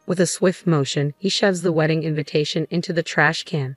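A woman reading a first-person story in an even, measured way. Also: low voice, no echo, faint music behind. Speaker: narrator.

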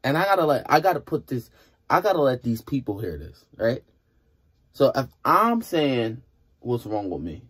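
A man's voice: medium pitch, sing-song, moderate pace, fairly bright tone, breathy edge. A young man hosting a music reaction video, talking casually and rambling in exasperated, playful disbelief.

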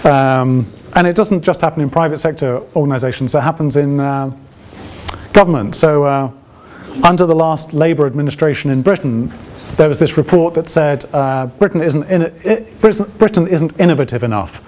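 A man's voice: fairly high pitch, normal speed, darkish tone. A man giving an open lecture to alumni in a conversational way, often checking with the audience through rhetorical questions and dry, ironic asides. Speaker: guest lecturer.

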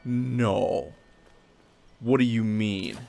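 A young man casually commenting on his gameplay during a livestream, excitable, swearing freely and talking to his chat. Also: on the low side, extremely slow, gravelly. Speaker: game streamer.

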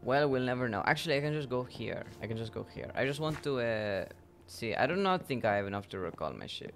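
A man's voice: medium pitch, expressive, fast talker, gravelly, fairly bright tone, slight background noise. A man streaming a game live, playful and given to laughing asides. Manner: playful, laughing, slips into Spanish exclamations. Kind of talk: live gameplay chat.

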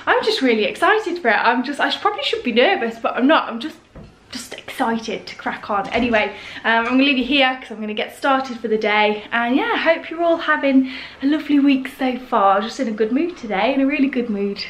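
A woman's voice: sits high, animated, fairly quick, fairly bright tone, slight background noise. A British woman in her twenties talking candidly to camera at home in a casual vlog, informal and chatty. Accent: British English. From United Kingdom. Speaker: vlogger. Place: home, indoors.

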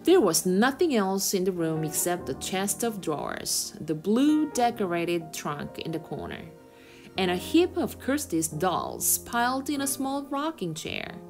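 A woman reads a children's novel aloud for English learners in an expressive storytelling style. Her voice is mid-pitched and very animated, rising and falling with the story. Her delivery suits a teacher reading to a class. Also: measured pace, faint music behind.

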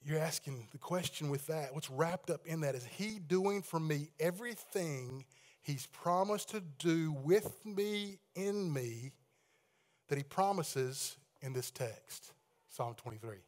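Male pastor, fairly high voice, leads call-and-response sermons in a church. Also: expressive, slow. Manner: leads congregation in call-and-response readings and hand-raising; swings between loud proclaiming and hushed prayer. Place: church sanctuary with balcony.

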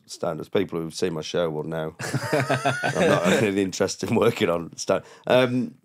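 A man's voice: low-pitched, expressive, normal speed. A comedian guest on a podcast telling rambling anecdotes and often laughing at his own stories. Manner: quotes people in a raised, mocking voice. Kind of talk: casual podcast storytelling.

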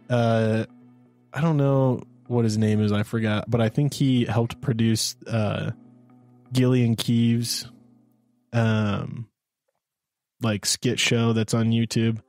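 A man's voice: mid-range voice, fairly even intonation, takes it slowly, pauses often, a little mellow, faint music behind. Rambling young-sounding male podcast co-host. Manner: rambling, filler-heavy storytelling. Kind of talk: casual chat.

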